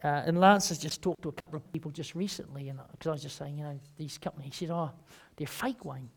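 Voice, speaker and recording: A man with a New Zealand accent preaching a sermon, rambling and emphatic, swinging between loud and quiet. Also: fairly high pitch, very fast. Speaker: pastor.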